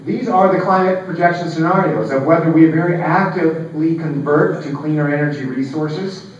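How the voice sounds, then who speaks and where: Speaking at normal speed with a voice on the high side, this man in his forties is a geologist giving a keynote at a conference. His manner is casual, peppered with fillers and dry asides. The large hall makes the audio echoey, distant and dull.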